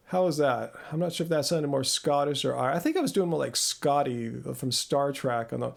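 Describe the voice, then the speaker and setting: Host, male, fairly high gravelly voice, rambling and self-deprecating, close mic. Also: expressive, a little fast, hardly any pauses. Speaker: channel host. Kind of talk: live Q&A chat. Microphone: close studio mic.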